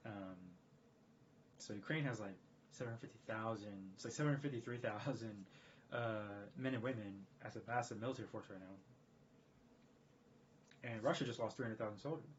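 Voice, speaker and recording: A man's voice: on the low side, moderate pace, long pauses. A man talking in a casual live-stream monologue, rambling and emphatic, often repeating himself. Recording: dull lo-fi stream audio with faint background noise.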